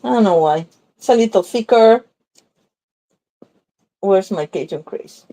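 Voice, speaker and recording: This woman hosts a card-making demo, chatting casually and thinking aloud as she goes, regularly stopping to fix what she's said. Her medium-pitched voice is warm and animated yet unhurried, recorded dry.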